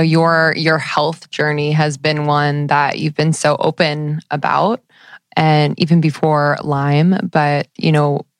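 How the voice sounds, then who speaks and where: A woman's voice: low voice, smooth, no room sound, clean studio sound. A woman co-host asking a rambling question in casual chat. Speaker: podcast co-host.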